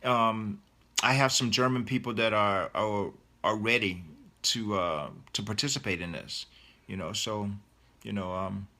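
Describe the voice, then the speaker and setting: A man's voice: fairly low pitch, pushed and bright. A middle-aged man, an author, chatting casually in a live Q&A as he reads out viewer questions and answers them with enthusiasm.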